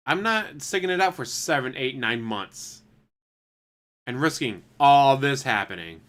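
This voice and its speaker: A man giving blunt reaction commentary, cursing freely and sounding openly incredulous. His voice is bright and forceful, and he speaks at an ordinary pitch. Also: big pitch swings, moderate pace. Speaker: commentary streamer. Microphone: desktop USB mic.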